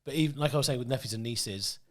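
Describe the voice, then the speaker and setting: A man's voice: medium pitch, racing. A man co-hosting a casual podcast chat, joking and bantering with his friend and telling stories. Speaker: podcast co-host.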